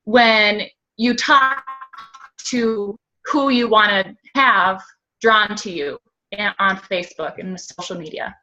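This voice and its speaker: A woman sharing personal thoughts on a group video call, speaking slowly and with emotion. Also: medium pitch, sharp tone. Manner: slow, emotional, tearful at times. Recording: dull lo-fi video call audio.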